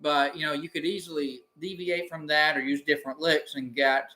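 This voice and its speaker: A man's voice: a little high, moderate pace, background noise. A man and banjo teacher talking casually during a live practice session, rambling loosely through his explanations. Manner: relaxed rambling explanation with sung snippets. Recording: banjo music under the voice.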